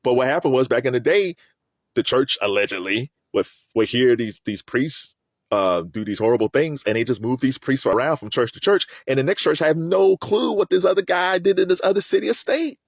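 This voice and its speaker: Animated man giving casual commentary. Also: medium pitch, brisk, vocal fry, dry recording. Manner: animated, repeats words while thinking.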